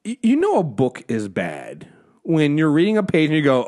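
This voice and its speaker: A man's voice: a little high, huge pitch swings, moderate pace, darkish tone. A man hosting a podcast in casual chat, rambling, swearing freely and laughing often. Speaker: podcast host.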